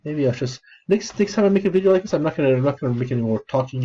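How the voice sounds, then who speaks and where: A man vlogging in a flat, downcast monotone, rambling and restarting his sentences often. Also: on the high side. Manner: halting, many restarts and fillers. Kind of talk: rambling casual monologue. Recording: dull lo-fi recording.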